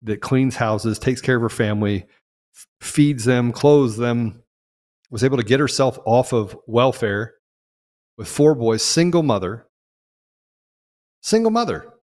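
A man hosting a political talk show, speaking in an impassioned monologue that swings from loud peaks to low asides. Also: unhurried, in a large hall. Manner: emphatic, rising to loud peaks and dropping low. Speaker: podcast host.

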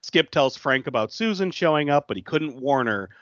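A podcast co-host retelling a movie plot in a casual, animated way, often acting out the characters' lines. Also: medium pitch, normal speed, no room sound, highs cut off.

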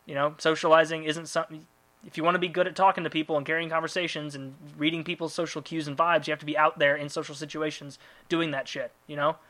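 A male podcast host rambles through listener mail in loose, profane casual chat. His voice is very bright and sits a little high. He loops back on his thoughts with a lot of filler. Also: little pitch movement, quick pace.

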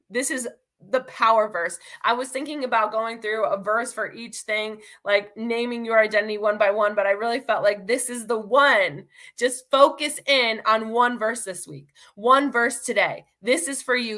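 A young woman gives a casual devotional talk, earnest and encouraging as she speaks straight to her listeners. Her voice is bright and forward, pitched a little high, with a lively, heartfelt delivery.

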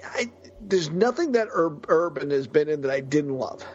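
A man co-hosting a casual comics podcast, jokey and animated, laughing often. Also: fairly high pitch, moderate pace, muffled recording, a little hiss or hum. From United States. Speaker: podcast co-host. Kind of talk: casual chat about comics.

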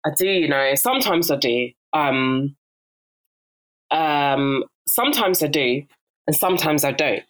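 In a casual interview, a young South London woman appears as a guest and tells stories, performing the voices of other people. Her voice is low-pitched and measured in pace, and she's animated, with frequent laughter.

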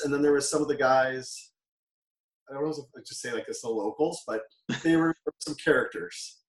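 A man's voice: medium pitch, far from the mic. A Canadian man in his forties telling stories as a guest in a casual interview, rambling and correcting himself as he goes. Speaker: guest, former wrestler. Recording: roomy, off-mic sound.

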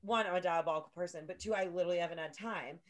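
A young woman co-hosting a podcast, telling a story in a loose, animated and profane way, full of filler words. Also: on the low side, very fast. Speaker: podcast co-host. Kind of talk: casual chat, storytelling.

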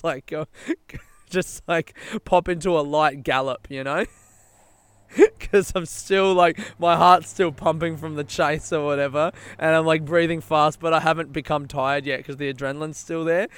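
A man's voice: fairly high pitch, fairly bright tone, clear, resonant tone, dry recording. A young man telling a long casual anecdote, rambling and swearing, laughing often. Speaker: storyteller.

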